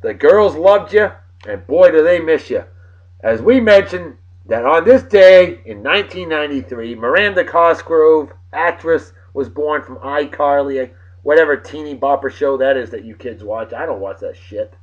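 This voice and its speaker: A man from New of the region, hosting a casual video blog with boisterous, jokey shout-outs. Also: on the high side, lively intonation, normal speed, lo-fi sound. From New England.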